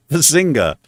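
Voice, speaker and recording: Bright, lively male livestream host. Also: fairly high pitch, no room sound, studio quality. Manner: self-mocking, chuckles often; animated, struggling over pronunciation. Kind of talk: casual chat.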